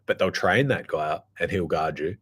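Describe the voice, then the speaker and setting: A man with a very low voice holds forth in a loose, casual monologue. He talks bluntly, swears freely and keeps circling back with fillers and restarts. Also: moderate pace, fairly bright tone, slightly rough. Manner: rambling, blunt and profane, full of fillers. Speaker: podcast host.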